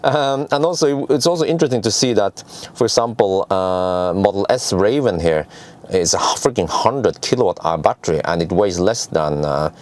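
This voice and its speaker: Halting man explaining car tests. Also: lowish voice. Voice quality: non-native English, halting with many fillers and restarts. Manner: chatty, digressive, laughs at own jokes. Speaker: car reviewer. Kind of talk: casual explainer.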